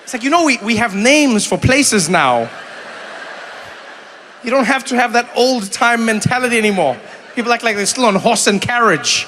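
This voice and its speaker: Bright-voiced South African comedian onstage. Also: male voice, moderate pace. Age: 30s. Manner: animated, jumps into high shouted impressions. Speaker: stand-up comedian. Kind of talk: stand-up crowd work. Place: large theater stage. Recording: live hall with faint crowd noise.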